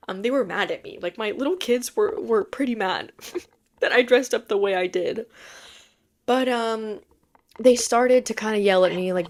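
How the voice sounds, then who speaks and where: A woman's voice: medium pitch, moderate pace. A young woman telling funny stories in a casual, self-mocking podcast chat, sometimes dropping to a whisper. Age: young adult. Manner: chatty, self-mocking, animated storytelling with frequent laughs and dropped whispers. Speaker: podcast host.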